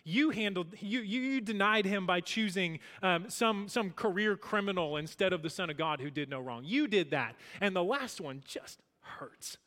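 A pastor preaching with high, bright energy, his voice carrying a long reverb through the church hall. He drives his points home emphatically, rising to loud declarations and dropping to hushed lines. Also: lively intonation, moderate pace, few pauses. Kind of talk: sermon.

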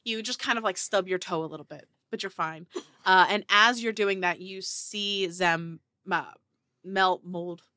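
A woman's voice: fairly low pitch, a little slow, sharp tone, no room sound. A woman narrating as game master of a tabletop game, casual and laid-back with fillers.

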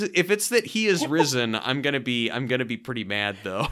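A man co-hosting a casual podcast from his home office, animated and quick to laugh, his voice climbing when he gets worked up. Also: medium pitch. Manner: animated, laughs often, rises when excited. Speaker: podcast co-host. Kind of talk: casual chat.

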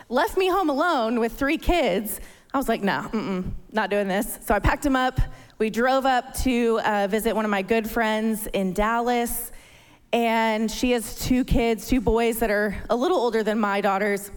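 Speaking in a fairly high, clean voice, this woman in her thirties preaches in church, recounting something that happened to her and dramatizing the panic she felt. The sound carries a long reverb, as in a hall.

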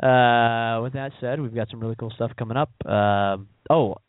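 A man hosting a casual podcast chat, talking in an animated, rambling way and often cutting himself off mid-word. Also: medium pitch, moderate pace, clean tone, dry recording. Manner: animated, rambling, self-interrupting. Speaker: podcast host. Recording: tinny phone-like dry recording.

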